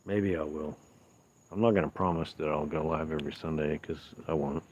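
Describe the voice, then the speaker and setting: A man hosting a casual livestream outdoors at night, chatting easygoingly as he answers viewers while walking on gravel. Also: steady tone, a little fast, a little mellow, lo-fi sound, slight background noise. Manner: easygoing, rambling, low-key. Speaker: livestream host. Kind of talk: casual live-stream chat, reading viewer comments.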